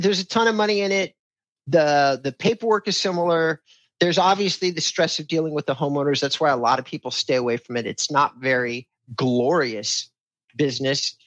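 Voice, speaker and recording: A man's voice: medium pitch, a bit bright, no echo, dull audio. A man hosting a podcast conversation about real estate, talking in an emphatic, sales-style way. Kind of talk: casual podcast talk.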